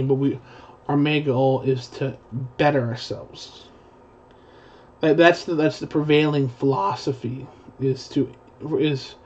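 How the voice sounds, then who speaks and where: A man's voice: on the high side, a little mellow. A young man rambling in a profane live-stream commentary, full of restarts. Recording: dull lo-fi stream audio.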